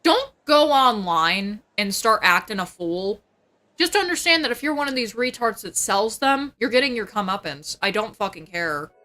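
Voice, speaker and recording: A young woman livestreamer venting in casual chat about family drama, swearing constantly and talking fast. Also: mid-range voice, expressive, bright, forceful tone. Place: home.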